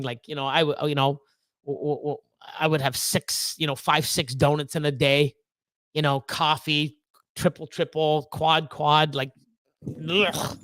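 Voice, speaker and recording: A man's voice: a little high, a bit bright, no room sound. A man hosting a casual livestream, talking in a rambling way full of fillers, restarts and swearing, and reading out chat messages. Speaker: livestream host.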